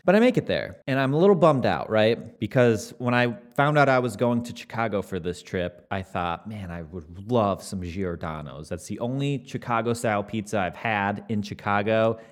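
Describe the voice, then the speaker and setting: A young man casually telling an animated personal story, swearing freely and acting out what people said. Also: on the low side, normal speed, few pauses.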